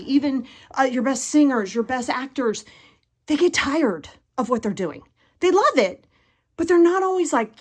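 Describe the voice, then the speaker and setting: A woman in her fifties, sweaty after a workout, giving a casual motivational talk at home, animated and chatty, acting out the voices in her head. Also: on the high side. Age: 50s. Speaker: motivational podcast host. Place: at home in a bedroom.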